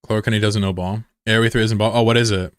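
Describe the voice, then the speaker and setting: A man's voice: fairly low pitch, fairly even intonation, fast talker, clean tone, no room sound, studio quality. A young American man chatting loosely with viewers on a stream, rambling and swearing freely. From USA. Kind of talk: casual chat with viewers.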